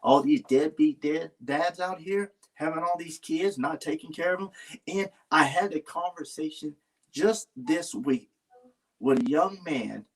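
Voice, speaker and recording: In a relaxed, heartfelt conversation, a man speaks earnestly, wandering and starting his sentences over. His voice is a little high at a measured pace, and it's picked up a bit far from the microphone.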